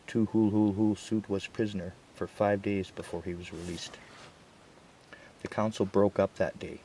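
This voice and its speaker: A man with a low, mellow voice reads a historical first-person account aloud. His delivery is slow, measured and even, with little rise and fall. There is a faint hiss behind him. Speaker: reader.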